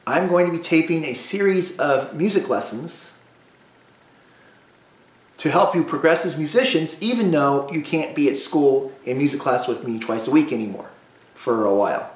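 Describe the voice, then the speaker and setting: A music teacher drilling students through call-and-response practice, patient and repetitive. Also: male voice, on the high side, moderate pace, reverberant. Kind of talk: recorded music lesson for students.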